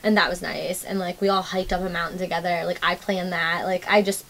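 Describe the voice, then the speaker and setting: Fast, bright-voiced young woman host. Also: lowish voice, a little hiss or hum. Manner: animated, swears freely. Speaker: podcast host. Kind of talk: casual chat, storytelling.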